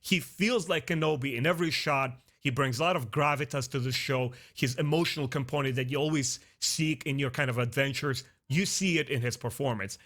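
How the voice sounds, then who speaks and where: A man reviewing a TV series in a casual, earnest way, talking straight to his viewers and often pausing with "uh" and restarting. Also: medium pitch. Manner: earnest and expressive, talks straight to viewers as "guys"; frequent "uh" fillers and restarts. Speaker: film and TV reviewer. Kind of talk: casual spoken review to camera.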